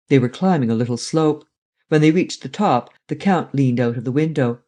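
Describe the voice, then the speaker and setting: A man narrating a classic adventure novel in a steady, even storytelling manner. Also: mid-range voice, moderate pace. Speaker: audiobook narrator. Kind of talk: scripted narration.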